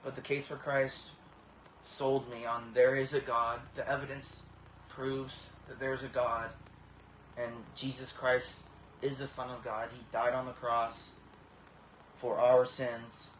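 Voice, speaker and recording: Man, 30s, emotional testimony, halting and earnest, near tears, flat delivery; echoey room, faint hiss. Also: medium pitch. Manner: halting, many repeated starts, earnest. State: tearful, emotional. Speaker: vlogger.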